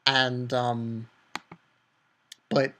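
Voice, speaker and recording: A man giving a casual manga chapter review, excitable and profane, rambling with many fillers. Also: medium pitch, very slow, slight background noise.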